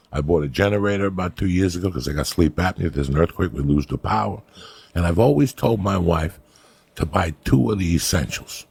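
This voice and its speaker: An older man tells profane street stories as a host. His voice sits low, rough and gravelly, with a raspy, husky edge. He talks in a loose, animated monologue. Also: no room sound. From New Jersey. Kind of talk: casual storytelling monologue.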